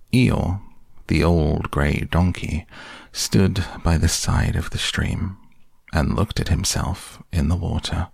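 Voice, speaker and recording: A man reading a children's storybook aloud in a gentle, unhurried way. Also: deep voice, creaky, slightly rough, no room sound, clean studio sound.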